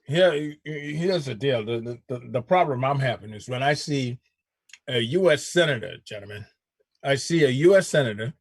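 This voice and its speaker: A man hosting a casual talk show, riffing in an animated way with frequent restarts. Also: mid-range voice, moderate pace, breathy edge, no echo, studio quality. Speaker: show host. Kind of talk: casual chat.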